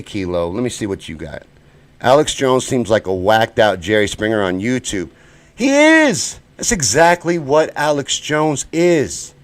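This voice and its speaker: A man from the United States hosting a live-stream rant show, heated and profane, swinging between loud outbursts and low muttering. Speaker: show host.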